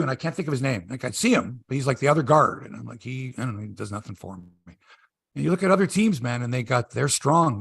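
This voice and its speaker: On his sports podcast, a middle-aged man chats casually, spinning stories and performing quotes in a high, raised voice like an animated storyteller. His creaky, breathy-edged voice comes through in studio quality with no room sound.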